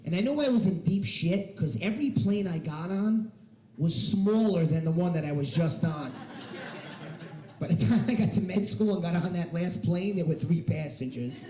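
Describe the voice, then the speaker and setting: A man doing a stand-up comedy set on a stage in a hair salon, animated and swinging into loud shouted punchlines. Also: high voice, moderate pace. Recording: roomy echo of a live room.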